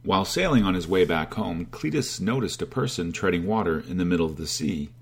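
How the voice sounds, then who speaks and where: Deep husky male storyteller. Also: animated, a little fast. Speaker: narrator. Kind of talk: storytelling narration.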